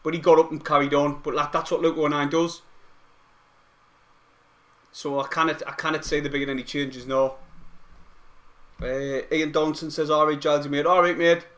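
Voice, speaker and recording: Young Mackem bloke, stream host, fairly high voice, slangy and chatty, breaks into excited match commentary. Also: male voice, normal speed, pauses often. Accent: Mackem (Sunderland). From Sunderland, England. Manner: broad slangy talk, livens up into excited play-by-play. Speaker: fan live-stream host. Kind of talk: casual fan commentary and chat.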